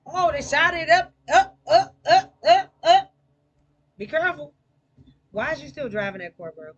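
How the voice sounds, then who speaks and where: A woman hosting a livestream, chatting casually and cheering on her teammate with excited, slangy play-by-play. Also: high voice, normal speed, dull audio. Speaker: livestream gamer host. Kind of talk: casual gaming chat.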